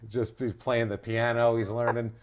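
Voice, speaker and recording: A man hosting a casual true-crime podcast, telling the story loosely with lots of swearing and quick jokes. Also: medium pitch, level tone, slight background noise. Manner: loose, profane storytelling with quick comic impressions. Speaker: podcast host.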